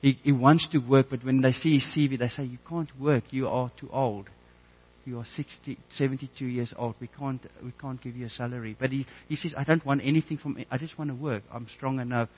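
A man preaches earnestly, weaving a personal story into his message. He often stumbles and repeats words as he restarts his sentences. His pitch sits in the middle, and the recording sounds a little dull. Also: fairly even intonation, a little fast, slightly rough. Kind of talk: sermon with personal testimony.

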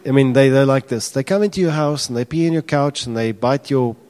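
Male pastor, lively sermon delivery that jumps loud on acted-out quotes. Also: mid-range voice, a little fast. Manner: animated, acts out quotes with raised voice.

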